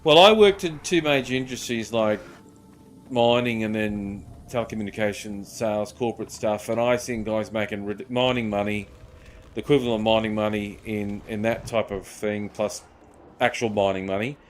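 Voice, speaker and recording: A man's voice: fairly low pitch, steady tone, moderate pace, a little hiss or hum. Swearing streamer guy. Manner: rambling, swears often, says "mate" a lot. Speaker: gaming streamer. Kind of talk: casual chat while gaming.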